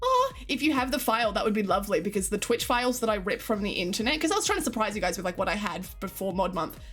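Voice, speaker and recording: A woman's voice: medium pitch, very animated, fast talker, a bit bright, husky, soft background music. Giggly Australian woman chatting to her stream. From Queensland, Australia. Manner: giggly, chatty, talks to chat. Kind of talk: casual chat with live chat.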